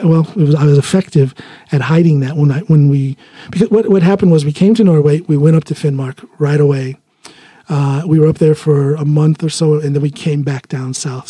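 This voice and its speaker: A man hosting his own podcast wanders from point to point in easy, chatty talk. His voice sits a little high yet sounds very dark and mellow, with a husky grain. The sound is close and dry. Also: no room sound. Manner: rambling, chatty, laughs at himself. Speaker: podcast host. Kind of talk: casual solo podcast monologue. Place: living in Norway.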